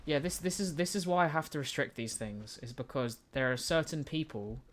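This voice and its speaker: A man's voice: fairly high pitch, brisk, a little hiss or hum. A young British man with a British accent streams a game live, chatting casually, stumbling over restarts and answering his chat as he plays. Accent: British English. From United Kingdom.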